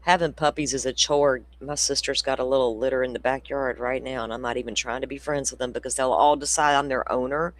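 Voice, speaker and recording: A man's voice: medium pitch, steady tone, a little fast, hardly any pauses, fairly bright tone, no echo. A man hosting a casual true crime livestream, rambling through stories, laughing often and swearing freely. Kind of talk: casual chat with viewers.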